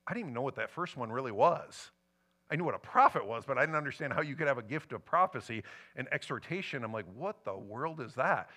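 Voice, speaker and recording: A middle-aged man, a pastor, preaching a sermon and telling a personal story with lively emotional swings. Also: medium pitch, quick pace. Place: church sanctuary.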